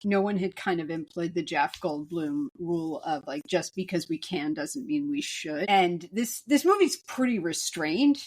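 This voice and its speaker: A woman's voice: fairly low pitch, lively intonation, moderate pace, hardly any pauses, darkish tone. A woman co-hosting a film podcast, joking and rambling with frequent restarts in casual chat. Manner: jokey, rambling, many restarts. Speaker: podcast co-host.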